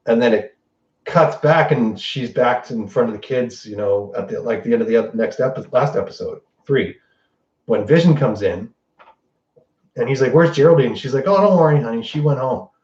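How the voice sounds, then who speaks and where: A man casually recapping a TV episode, excited and swearing, acting out quick quoted lines. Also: mid-range voice. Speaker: podcast host. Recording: distant roomy lo-fi mic.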